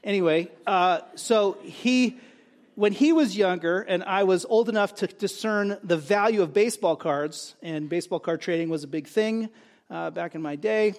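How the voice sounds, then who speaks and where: A man preaching a sermon in a conversational way, with emphatic rises and quiet asides. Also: sits high, moderate pace. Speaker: pastor.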